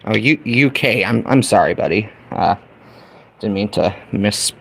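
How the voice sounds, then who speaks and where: Gravelly, folksy middle-aged man streaming. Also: lowish voice, measured pace, fairly bright tone, a little hiss or hum. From United States. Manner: folksy and chatty, talking to viewers. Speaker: livestream host. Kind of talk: casual livestream chat while building a kit.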